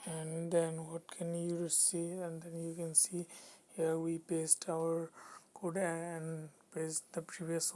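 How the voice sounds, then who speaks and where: Her delivery is low and flat as she talks through code on a screen recording. The tutor is slow and unsure, stopping and starting over many times.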